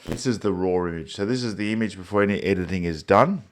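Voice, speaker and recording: A man's voice: deep voice, quick pace, slight background noise. An Australian man hosting a live photography show, chatting casually about viewer photos while a bit congested. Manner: relaxed, rambling, with frequent fillers. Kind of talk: live-stream chat reviewing viewer photos.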